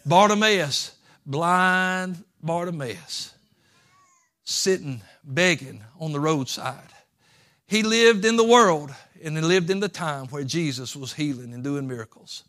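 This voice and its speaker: A man preaching a sermon as pastor, folksy, swinging from quiet asides to impassioned pleading. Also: fairly high pitch, expressive, slow.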